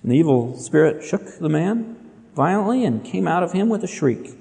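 A man preaching a sermon in an animated, dramatic storytelling manner. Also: a little high, normal speed, creaky, big-room sound. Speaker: pastor.

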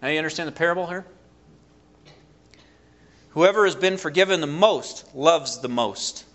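A man preaching a sermon, retelling a story in an animated way and acting out the quotes. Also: fairly high pitch, normal speed.

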